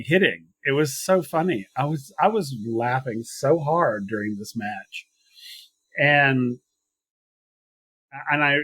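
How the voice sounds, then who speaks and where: Male co-host, American, chatty and giggly, bright voice, dry close sound. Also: medium pitch, slightly rough, dry recording. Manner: rambling, giggly, self-interrupting storytelling. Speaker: podcast co-host. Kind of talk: casual wrestling recap.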